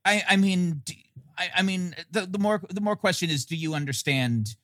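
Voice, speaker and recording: A man's voice: high-pitched, normal speed, pushed and bright, no echo, studio quality. A man co-hosting a casual movie recap podcast, chatty and laughing, restarting his sentences as he goes. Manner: chatty, laughing, repeats words when starting a thought. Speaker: podcast co-host.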